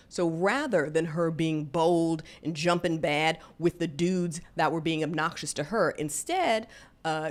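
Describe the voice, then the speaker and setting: A woman in her forties tells a personal story with a low, deep-set voice. She talks candidly and conversationally, with plenty of fillers along the way. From Deep South, US. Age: 40s. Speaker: vlogger.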